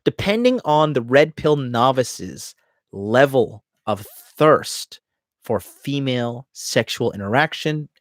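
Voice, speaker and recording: A man's voice: mid-range voice, very animated, slow, dry recording, clean studio sound. A man hosting a dating podcast, talking casually and emphatically to viewers, swearing freely. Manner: profane, emphatic, acts out inner voices.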